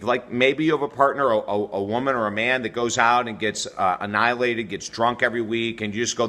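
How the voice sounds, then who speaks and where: Middle-aged male host, bright forceful voice, energetic coaching delivery straight to camera. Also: mid-range voice. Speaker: relationship coach and show host. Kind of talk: direct-to-camera advice video.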